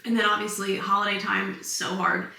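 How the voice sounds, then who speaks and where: A woman's voice: medium pitch, level tone, fairly quick, vocal fry, bright, forceful tone. Bubbly young woman vlogging at home. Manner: chatty, bubbly, giggly storytelling. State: tired and slightly out of breath. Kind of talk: casual pregnancy vlog chat. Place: home, indoors. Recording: echoey room, mic a bit far.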